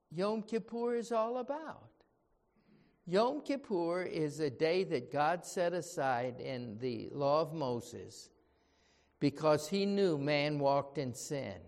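Slow, high-voiced preacher in an echoing hall. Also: male voice. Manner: emphatic, with rhetorical questions to the listeners. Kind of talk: sermon. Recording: reverberant hall.

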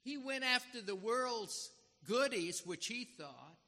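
Slow, bright-voiced man preaching. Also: very high-pitched, animated. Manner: earnest and dramatic, acts out the quotes he reads. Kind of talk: sermon. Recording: reverberant hall.

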